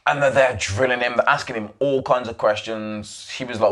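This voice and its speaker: A man's voice: medium pitch, moderate pace, hardly any pauses. A man hosting a podcast, casually retelling a documentary with swearing and acted-out quotes. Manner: animated, swearing, acts out quoted voices. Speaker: podcast host.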